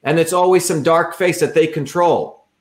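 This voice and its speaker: Guy running for office, fired up and repeating himself over and over, voice sits a bit high, talking on a stream. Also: steady tone, normal speed. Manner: repetitive, rallying and combative. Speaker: political candidate. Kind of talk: livestream campaign talk.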